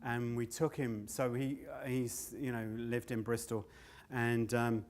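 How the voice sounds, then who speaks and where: Speaking slowly with little pitch movement, an older man uses a medium-pitched, darkish voice to tell stories on stage. His live standup storytelling is loose and sweary, and he often laughs at what he's recounting.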